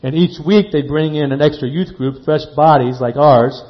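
Male preacher, fairly high voice, slows and hushes for emphasis; muffled lo-fi recording. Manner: slows and drops to a hush on key words, then rises. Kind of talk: sermon. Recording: dull lo-fi sound.

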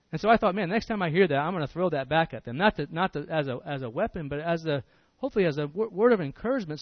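A man with a high-pitched voice delivers a sermon, earnest and emphatic, circling back over his words as he restarts. The sound is dry and a little dull, with no room echo. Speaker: preacher.

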